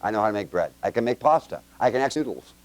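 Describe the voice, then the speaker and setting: A man's voice: on the low side, sing-song. Man quizzing a congregation. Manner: quizzes the audience with quick questions; chatty and joking, with homespun examples. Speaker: Bible teacher. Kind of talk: informal Bible teaching to a congregation with children.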